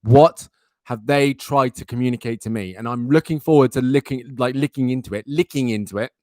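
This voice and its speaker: A man's voice: medium pitch, brisk, darkish tone, dry recording, clean studio sound. A young man hosting a live stream, chatting animatedly with his viewers. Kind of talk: casual live-stream chat.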